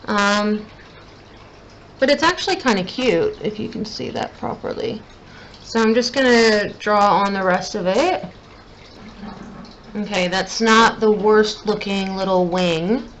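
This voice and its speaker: Speaking slowly with frequent pauses, a young beauty vlogger talks through her makeup at home, thinking aloud and putting herself down with rising frustration. Her voice is mid-range and fairly bright. The low-quality recording has a little hiss or hum.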